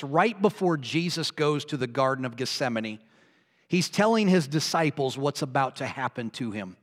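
A man preaching a sermon, earnestly retelling a story and swinging from soft to emphatic. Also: a little high, long reverb tail.

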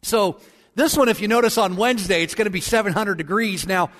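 A man's voice: sits high, fairly bright tone. Folksy male preacher in an echoing sanctuary. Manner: folksy and joking, with a solemn, slowed prayer voice. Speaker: pastor. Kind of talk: sermon. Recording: long church reverb.

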